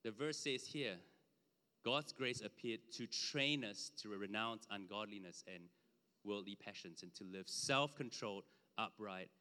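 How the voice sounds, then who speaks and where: A man preaching a conversational sermon with slides, emphatic at times and dropping low for asides. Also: measured pace, sharp tone, clear, resonant tone. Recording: long hall reverb.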